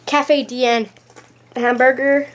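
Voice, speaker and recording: A high, bright-pitched woman talks through a casual show-and-tell vlog. She is chatty and gushing, leaning on "like" and repeating "really, really." She films on a handheld camera that shakes at times. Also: level tone, takes it slowly, slight background noise. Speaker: YouTube vlogger showing her collection. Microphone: handheld camera, shaking at times.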